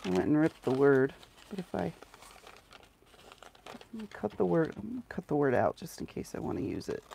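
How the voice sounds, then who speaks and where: A middle-aged woman hosts a crafting livestream, close to the mic, chatting casually and sarcastically to viewers and talking to herself as she works. Her voice is deep, gravelly and warm with a sing-song lilt at normal speed, over slight background noise.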